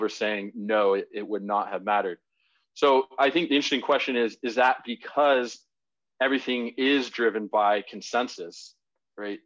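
A man giving a live online presentation in a conversational way, with frequent fillers and restarts. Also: on the low side. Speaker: webinar presenter. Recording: dull lo-fi web audio.

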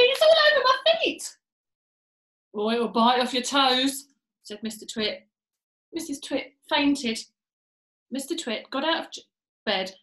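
A woman reading a children's book aloud, with an expressive, lively manner. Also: high-pitched. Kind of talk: storybook read-aloud. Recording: roomy echo.

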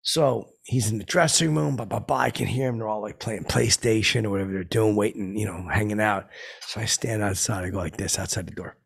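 A man doing a gravelly rambling braggart. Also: fairly low pitch, a little hiss or hum. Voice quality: gravelly, husky. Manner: meandering, halting, full of fillers and sound effects. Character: dim, boastful washed-up male hanger-on telling tall tales. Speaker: comedy podcast host in character. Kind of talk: rambling deadpan anecdote.

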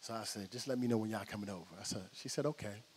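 A middle-aged man doing a stand-up comedy set, telling loud, brash, profane stories on stage. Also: fairly low pitch, fast talker, slight background noise. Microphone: handheld stage mic.

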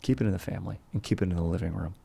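Gravelly, rowdy young man on a podcast. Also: low-pitched, steady tone, rapid-fire. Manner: loose, rowdy, jokey with sudden shouted bursts. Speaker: podcast host. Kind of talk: comedic history podcast.

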